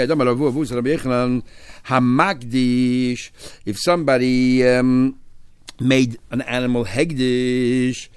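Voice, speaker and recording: A man's voice: medium pitch, clear, resonant tone, no echo. A man, teaching a Talmud class and explaining each step with Hebrew and Aramaic terms, lifting his voice on key phrases.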